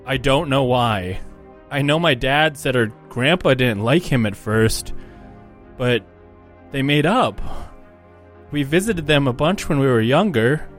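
A man voicing a grieving, earnest young male orc prince in a tabletop game, speaking in a halting, soft-spoken way. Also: medium pitch, animated, faint music behind, pitched above the performer's own voice, natural voice. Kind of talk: tabletop role-play in character.

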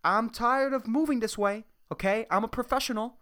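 A man's voice: extremely high pitch, moderate pace, bright, forceful tone, pitched above the performer's own voice. A man voicing his own weary, fed-up thumb that scolds him. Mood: exasperated. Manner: exasperated, scolding.

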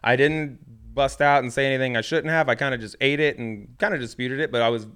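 A man talks quickly through a casual anecdote, acting out each part of the dialogue. His voice is smooth and clear, and he drops in casual swearing as he goes. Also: medium pitch. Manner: animated, acts out dialogue in his stories. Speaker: golf pro guest. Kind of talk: casual storytelling.

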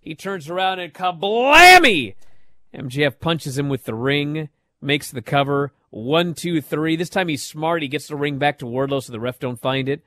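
Animated man recapping wrestling. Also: fairly high pitch, normal speed, no echo, studio quality. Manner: animated storytelling, swings loud and soft. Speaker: wrestling show host. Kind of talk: casual recap chat.

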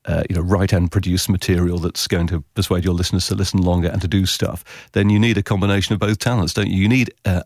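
A man answering interview questions about radio writing, animated and chatty, often acting out imagined voices. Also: dry recording, clean studio sound. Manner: animated, quotes imagined voices with big pitch leaps.

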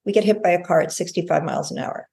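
A woman, a guest healer on a podcast interview, telling a long story in a lively way and acting out what people said. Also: fairly low pitch, quick pace, gravelly. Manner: lively storyteller, acts out quoted speech.

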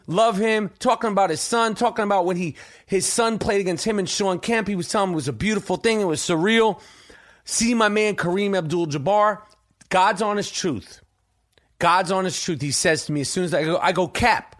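Excitable profane man. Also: sits high. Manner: profane, excitable, rambling with many restarts. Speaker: podcast host. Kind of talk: casual storytelling monologue.

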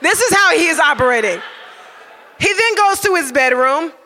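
A man tells a funny story in a very high, bright voice, tossing "right?" to the listeners again and again. His voice rings with a long reverb. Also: normal speed. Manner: animated, keeps asking "right?". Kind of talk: live comic storytelling.

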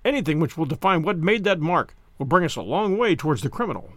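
A man reading a first-person story aloud with measured, dramatic delivery. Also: fairly high pitch, very animated, a bit bright, no echo. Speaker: audiobook reader.

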